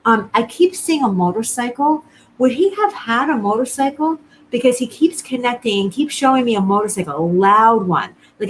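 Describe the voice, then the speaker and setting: A woman's voice: mid-range voice, slight background noise, rough recording. A woman psychic medium doing a live-streamed reading, talking to viewers in an earnest, reassuring way and often repeating herself.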